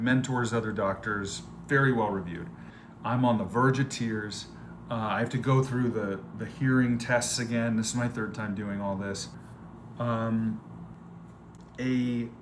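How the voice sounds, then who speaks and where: A man's voice: on the low side, fairly bright tone, a little hiss or hum. A man in his twenties telling a personal story to camera on a trip, rambling with lots of fillers and repeated words. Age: 20s. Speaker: vlogger. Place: on a surf trip. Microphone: phone or camera, quickly made video.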